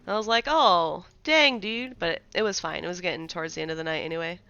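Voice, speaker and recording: A woman's voice: deep voice, racing, creaky, a bit bright, smooth, no echo, dull audio. A woman streaming live, chatting casually about game updates and greeting viewers in chat.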